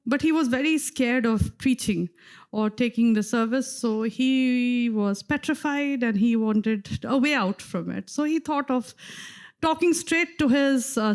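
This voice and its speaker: Woman preacher with a high voice telling a story in her sermon, acts out the quotes, church service. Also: darkish tone.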